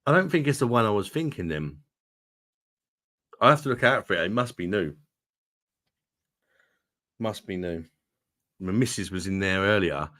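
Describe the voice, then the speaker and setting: A London man with a London accent hosts a beer review livestream, bantering casually with viewers in laid-back, sweary chat. His voice sits low with a fairly bright tone, recorded at studio quality with no echo.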